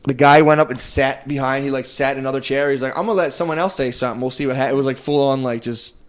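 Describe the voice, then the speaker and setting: A man co-hosting a comedy podcast, rambling through a chaotic anecdote and acting out everyone's lines in a higher voice. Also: steady tone. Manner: rambling, fast, acts out quotes with raised pitch, peppered with "dude". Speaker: podcast co-host. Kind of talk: casual comedy podcast storytelling.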